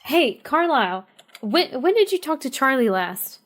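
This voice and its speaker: A woman's voice: high voice, sing-song, normal speed. A woman playing a character in a tabletop role-play, talking with hesitations and restarts. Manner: hesitant, lots of fillers and restarts. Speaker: player.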